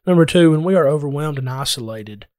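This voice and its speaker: A man preaching a sermon as pastor, earnest, slowing down for emphatic scripture quotes. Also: on the high side, expressive, a little mellow, no echo, clean studio sound.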